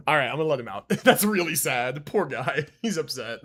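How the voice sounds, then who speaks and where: A man's voice: fairly high pitch, sing-song, a little fast, fairly bright tone. A man streaming a game live, chatting casually and animatedly and laughing often.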